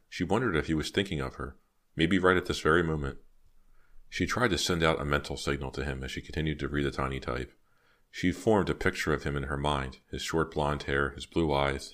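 A man reading a novel aloud as an audiobook narrator, telling the story in a steady, even way. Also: rumbling low. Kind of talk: scripted narration.

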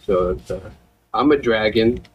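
A man's voice: lowish voice, measured pace, husky, dull audio. A man in his twenties talking hesitantly with many fillers in a casual chat.

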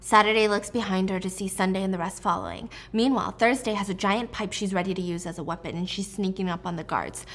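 A woman's voice: mid-range voice, brisk, hardly any pauses, a bit bright. A woman casually recapping a film's plot in a chatty, dramatic way, with casual swearing. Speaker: movie recap vlogger.

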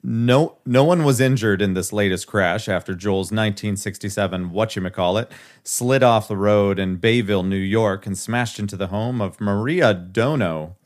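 A man's voice: lowish voice, moderate pace. A man co-hosting a casual podcast, reading a news article aloud and breaking off for wry asides. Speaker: podcast co-host.

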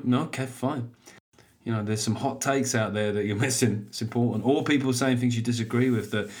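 Comic podcaster in his thirties, mid-pitched, shouty and self-deprecating. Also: breathy edge. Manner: loud, animated, self-mocking, swears freely. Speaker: podcast host and stand-up comedian. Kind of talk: casual comic monologue.

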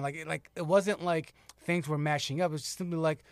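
Halting co-host with a dry, close sound. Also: male voice, on the high side, fairly even intonation, clear, resonant tone, no room sound. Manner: halting, repeats words before landing a point. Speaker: podcast co-host. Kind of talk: casual podcast chat.

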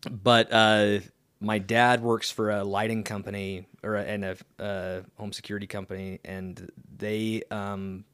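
A young man co-hosting a podcast, chatting casually in a rambling, halting way with lots of fillers and restarts. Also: lowish voice, level tone, fairly bright tone, smooth, no echo. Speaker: podcast co-host. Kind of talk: casual chat.

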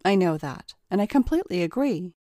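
A woman voicing a cautious, earnest woman lawyer who speaks in a measured, polite way. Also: lowish voice, lively intonation, mellow, dry recording, clean studio sound, natural voice.

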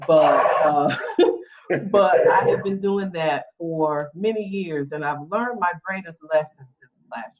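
A woman's voice: on the low side, unhurried. A middle-aged woman speaks as a podcast guest. She laughs easily and fills her talk with ums and restarts. The audio is muffled and lo-fi. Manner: warm, laughs often, many fillers. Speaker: guest, writing consultant. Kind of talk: podcast interview. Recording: dull lo-fi audio.

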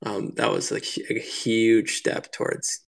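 Minnesota guy on a podcast, animated storyteller, laughs a lot, says like constantly. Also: fairly low pitch, a little slow, gravelly. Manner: animated, laughing, lots of "like" fillers. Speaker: podcast guest, lure builder. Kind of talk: casual storytelling chat.

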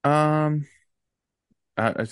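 A man's voice: a little high, fairly even intonation, very slow, clear, resonant tone, no room sound, clean studio sound. A young man co-hosting a podcast, laid-back and rambling with lots of fillers in casual chat. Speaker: podcast co-host.

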